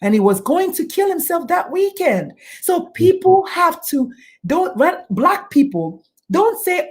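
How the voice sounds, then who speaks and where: A middle-aged woman, a doctor and suicide prevention speaker, appears as a guest on a talk show interview. Her voice is very high with big pitch swings, and she speaks at a measured pace. She is emphatic and preachy, often acting out the people she quotes.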